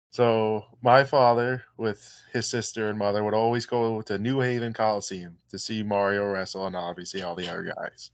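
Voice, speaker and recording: A man who wrestles, a guest telling stories in an easygoing, relaxed way during a casual interview. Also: fairly low pitch, a little slow, no room sound.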